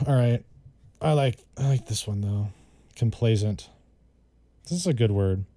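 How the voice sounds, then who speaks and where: A man's voice: on the low side, a little slow, mellow, no echo, studio quality. A man giving a casual vocabulary lesson. He chats and repeats words and spells them out. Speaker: vocabulary tutor.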